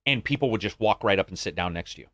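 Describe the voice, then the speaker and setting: Brief: low-pitched American man, podcast co-host, animated casual chat, dry close sound. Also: racing, no room sound. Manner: animated, swears freely, acts out greetings in a higher voice.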